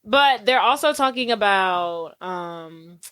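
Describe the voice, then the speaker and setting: A woman's voice: medium pitch, lively intonation, slow pace, fairly bright tone, clear, resonant tone, dry recording. A woman co-hosting a movie recap podcast, chatting casually, exasperated and laughing as she acts out the characters. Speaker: podcast co-host.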